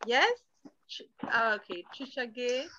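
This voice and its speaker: A woman moderates an online reading contest on a video call, calling participants by name in an encouraging, coaxing, upbeat way. Her voice is a little high, expressive, and a little slow, and the lo-fi call audio is dull and very noisy.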